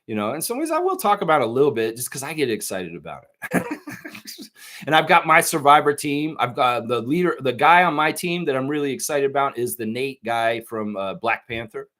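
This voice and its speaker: Excitable, rambling man. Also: mid-range voice, fairly quick. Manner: excitable, laughs often, rambling. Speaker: podcast host. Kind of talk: casual live-stream chat.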